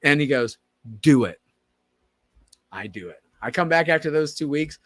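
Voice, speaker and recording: A man co-hosting a podcast, telling a story in casual chat and acting out the quoted dialogue with lively energy. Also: a little high, a little fast, no room sound. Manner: animated, acts out quoted dialogue. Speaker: podcast co-host.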